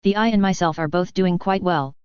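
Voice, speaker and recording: A woman reading the lines of a calm, firm male ex-Marine sergeant in an even, professional way. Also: lowish voice, brisk, smooth, no room sound, lightly acted. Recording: dull, muffled recording.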